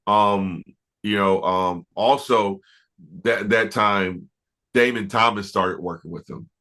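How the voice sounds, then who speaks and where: Bright-voiced man telling studio stories. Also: on the low side, slow pace. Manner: relaxed, reflective, many fillers and restarts. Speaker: music producer, interview guest. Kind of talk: casual interview storytelling.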